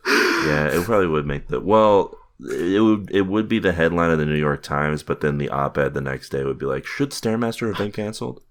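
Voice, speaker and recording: A man's voice: extremely low pitch, moderate pace, a bit bright. A man hosting a casual podcast, joking and rambling with his co-hosts. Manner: jokey, rambling, laughs at his own bits. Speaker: podcast host.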